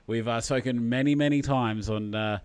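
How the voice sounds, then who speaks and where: A man's voice: mid-range voice, moderate pace, darkish tone, clear, resonant tone, dry recording. A man hosting a casual livestream chat, laid-back and rambling, greeting viewers by name. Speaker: host.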